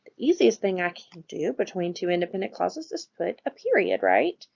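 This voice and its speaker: A woman teaching a grammar lesson, patient and steady, who keeps checking in with her class as she explains. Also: mid-range voice, normal speed, vocal fry, breathy edge, highs cut off. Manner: patient, checks in with "right?" and "all right?".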